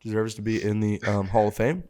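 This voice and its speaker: A man's voice: lowish voice, steady tone, fairly quick, darkish tone. A man co-hosting a podcast, telling stories in loose, profane banter. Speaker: podcast co-host.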